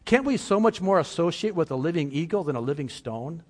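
A man's voice: fairly high pitch, expressive, a little fast, darkish tone. Emphatic preaching man in a reverberant hall. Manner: emphatic preaching, quizzes the congregation. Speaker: pastor. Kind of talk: sermon.

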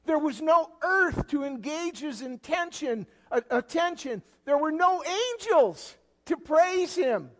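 A man with a strikingly high voice preaching a sermon, taking his time over each phrase. He swings from loud, rising questions down to hushed lines. His voice rings out with a long reverb in a large hall. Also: expressive, slow, few pauses. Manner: preaching with sudden loud rises and quiet drops. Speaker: guest pastor.

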